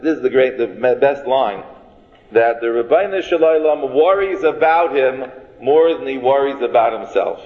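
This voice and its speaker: A man giving a Torah lecture to a live audience in a folksy, joking way, restarting phrases and mixing in Hebrew and Yiddish words. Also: mid-range voice. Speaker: rabbi teaching a class. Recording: dull, reverberant hall recording.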